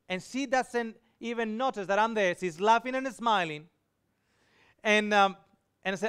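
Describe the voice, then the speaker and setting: A man's voice: sits high, normal speed, fairly bright tone, clear, resonant tone. A man preaching a sermon, telling an emotional personal story and acting out the dialogue in it. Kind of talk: sermon testimony.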